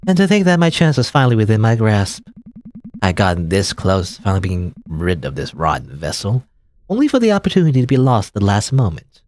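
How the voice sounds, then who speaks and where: A man's voice: lowish voice, wildly swooping pitch, fairly quick, darkish tone, a little hiss or hum, voice pushed down. A man voicing a hungry, scheming mermaid woman in a game, cold and sinister. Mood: scornful.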